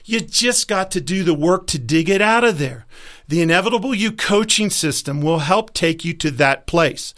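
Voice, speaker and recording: A man with a fairly high speaking voice delivers a motivational talk as a life coach. He speaks emphatically and slips into the voices of the people he quotes. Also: expressive, normal speed, a bit bright.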